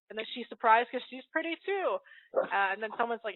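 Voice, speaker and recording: A woman's voice: fairly high pitch, animated, brisk. A woman casually reading a comic aloud, giggling and stumbling over the lines as she goes. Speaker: host. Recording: tinny phone-like dry audio.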